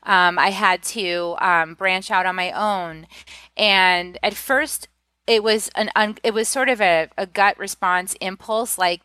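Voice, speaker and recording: Bright, candid woman telling her story. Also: medium pitch, unhurried, dry recording. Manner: open and confiding, many "like" fillers, acts out quoted voices. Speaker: podcast guest, author.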